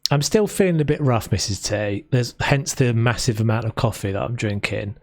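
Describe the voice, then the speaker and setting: A man's voice: mid-range voice, normal speed, a little mellow, dry recording, faint music behind. Chatty London-accented male streamer, rambling and casual, dry close sound, mid-range voice. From South London. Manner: chatty and rambling, with frequent restarts. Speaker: game streamer. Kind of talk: casual live-stream chat while building.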